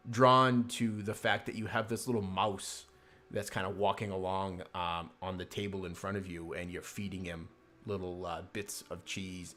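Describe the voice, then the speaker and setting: A man narrating a tabletop game as game master, halting often with fillers. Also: deep voice, fairly bright tone.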